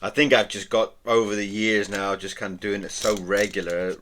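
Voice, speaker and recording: A man talking casually as he draws, chatty and meandering, often trailing off into a soft murmur. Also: lowish voice, level tone, normal speed, slight background noise. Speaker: artist and vlogger. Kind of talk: casual narration while drawing.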